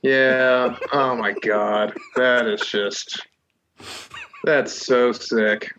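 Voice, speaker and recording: A man's voice: mid-range voice, fairly even intonation, a bit bright. Wisecracking male co-host, dry and sarcastic, slightly muffled recording with faint hiss. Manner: sardonic, quick with wisecracks. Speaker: podcast co-host. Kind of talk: casual chat. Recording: slightly dull sound, faint noise.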